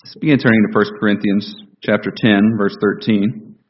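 A man preaching a sermon to his congregation. He speaks in a measured way and repeats key phrases for emphasis. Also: on the low side, fairly even intonation, highs cut off. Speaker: pastor.

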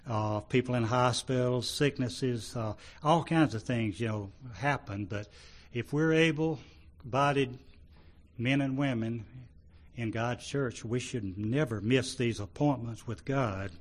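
Man preaching a halting sermon. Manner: rising to loud emphasis when reading scripture, dropping low between; halting, with fillers and restarts. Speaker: pastor.

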